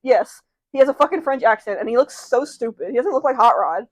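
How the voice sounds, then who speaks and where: A woman's voice: on the high side, lively intonation, fairly quick. A young woman co-hosting a podcast in casual chat, rambling, swearing freely and laughing often. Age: young adult. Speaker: podcast co-host.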